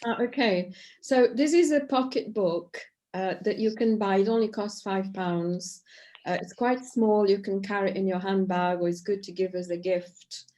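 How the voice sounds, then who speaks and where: A woman's voice: mid-range voice, moderate pace, slight background noise. Workshop leader: middle-aged woman on a video call, encouraging, asks "okay?" a lot. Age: middle-aged or older. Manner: warm and encouraging, with frequent "okay?" checks. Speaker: EFT tapping workshop leader.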